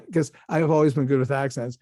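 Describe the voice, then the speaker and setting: A man's voice: medium pitch, fairly quick, no echo. Give me a man telling stories in a dry, close recording. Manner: animated anecdotes with many restarts and acted-out quotes. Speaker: actor guest. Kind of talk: casual interview storytelling.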